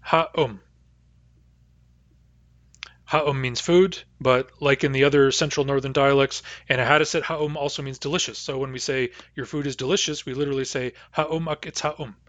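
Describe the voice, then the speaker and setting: Man slowly teaching word pronunciation. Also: medium pitch, steady tone, a bit bright, dry recording, lo-fi sound. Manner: slow, careful repetition of each word. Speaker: language teacher. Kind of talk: vocabulary pronunciation lesson.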